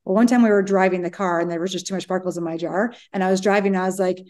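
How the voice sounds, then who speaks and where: A woman in her forties, a psychologist co-hosting a chat podcast, telling stories quickly and acting out what people said. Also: lowish voice. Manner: quick animated storytelling, acts out quotes. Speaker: podcast co-host, relationship psychologist. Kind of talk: casual chat.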